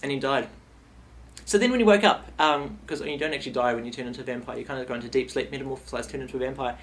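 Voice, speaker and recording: A young male vlogger tells a silly comic story at a very fast clip in his mid-range voice. His retelling is rambling, playful and animated.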